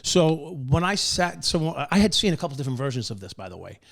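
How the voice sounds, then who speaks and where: A man's voice: fairly high pitch, big pitch swings, vocal fry, a bit bright. A middle-aged man speaking as a podcast guest, blunt and wisecracking. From United States. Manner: fast-talking, blunt, wisecracking. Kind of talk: casual interview talk.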